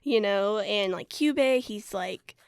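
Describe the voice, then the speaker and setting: Young female co-host, relaxed and halting, vocal fry, dry close mic. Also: mid-range voice, dry recording. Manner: hesitant, many fillers, laid-back. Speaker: podcast co-host. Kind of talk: casual anime review chat.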